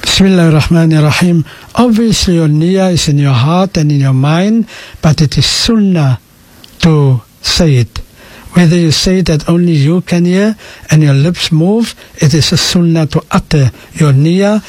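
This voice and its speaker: A man, a sheikh calmly explaining answers to listener questions on a radio call-in show, dropping in Afrikaans phrases. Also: a little high, unhurried, dry recording. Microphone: radio studio microphone.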